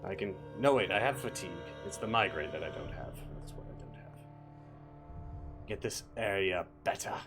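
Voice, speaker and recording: Male streamer, low gravelly voice, theatrical fake British accent, game music underneath. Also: animated, normal speed. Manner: playful, theatrical, mutters to himself, puts on a British accent. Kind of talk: live gameplay commentary.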